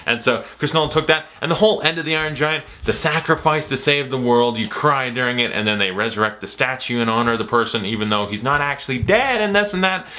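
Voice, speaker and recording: A man's voice: medium pitch, quick pace, few pauses, bright, forceful tone. A young man talking casually and enthusiastically about his new purchases, rambling and breaking into playful put-on quotes. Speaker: vlogger. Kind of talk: casual chat.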